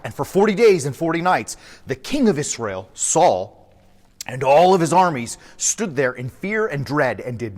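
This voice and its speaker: Animated storytelling priest, man. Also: mid-range voice. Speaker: priest and podcast host. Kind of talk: storytelling sermon podcast. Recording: long echoey reverb.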